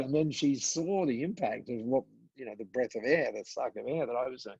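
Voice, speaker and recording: An older man, a podcast guest, telling a story in conversation, acting out the dialogue with many pauses and repeats. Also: medium pitch, gravelly, darkish tone, slightly rough, dry recording, highs cut off.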